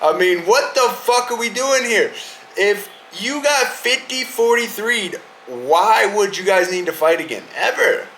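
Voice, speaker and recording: A man's voice: high-pitched, a bit bright, a little hiss or hum, rough recording. A young man hosting a podcast, ranting about fights in a heated, profane, casual way. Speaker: podcast host. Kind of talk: casual profane sports rant.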